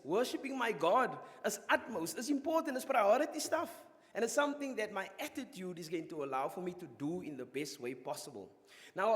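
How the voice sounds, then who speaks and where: Animated preacher man in a reverberant church. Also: high-pitched. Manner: animated, conversational preaching to a congregation. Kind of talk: sermon. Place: church hall.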